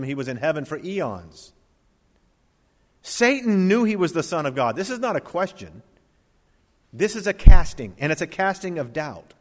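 A man's voice: on the high side, big-room sound. A man pastor preaching a sermon, emphatic, full of rhetorical questions.

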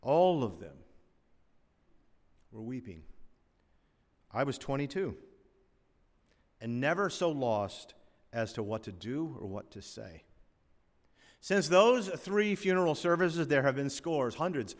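An older man preaching a sermon as pastor, rising loud on key phrases and falling to a hush, with folksy humorous asides. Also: medium pitch, sing-song, slow pace, long pauses. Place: church sanctuary. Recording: long reverb of a large hall.

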